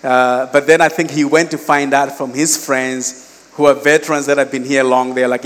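A man's voice: mid-range voice, moderate pace, big-room sound. A man, preaching a sermon in a conversational, storytelling way. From Malawi. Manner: storytelling, animated quoted voices, conversational asides. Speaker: pastor.

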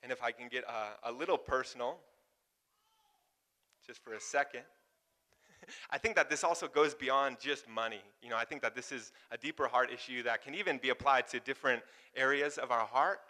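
Bright-voiced casual male preacher. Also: mid-range voice, normal speed. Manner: casual, laughs often, animated asides to the congregation. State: warm and sweating from exertion. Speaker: pastor. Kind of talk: sermon.

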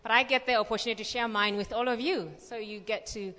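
A young woman reading scripture and then telling a lively personal story with many fillers at a church gathering. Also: a little high, quick pace. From Malawi. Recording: long reverb of a large hall.

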